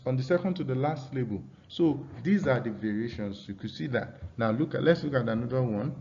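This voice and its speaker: A man with a Nigerian English accent leads a pronunciation class at a mid pitch. He reads rules aloud and says each example word slowly several times, checking that his students follow. The recording sounds a little dull and lo-fi. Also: expressive, a little mellow, slight background noise. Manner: reads from slides, drills example words slowly; asks students questions. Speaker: English teacher. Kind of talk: classroom lesson.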